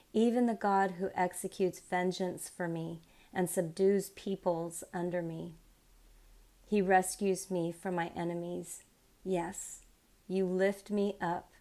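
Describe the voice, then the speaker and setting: A woman with a mellow, somewhat low voice reads scripture at a slow, unhurried pace. Her voice sounds a little worn, as if she is coming down with something. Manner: unhurried, measured reading; chatty and excited when speaking off the text. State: losing her voice from illness. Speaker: Bible reading channel host.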